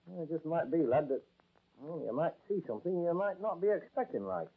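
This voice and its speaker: An actor doing a Yorkshire accent as a gruff, friendly army corporal in a 1940s radio drama, folksy and ominous. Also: male voice, a little high, big pitch swings, fairly quick, heavily acted. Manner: folksy, ominous storytelling with "aye" and "lad". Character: gruff, friendly Yorkshire lance corporal, older drill master. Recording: tinny old radio broadcast recording.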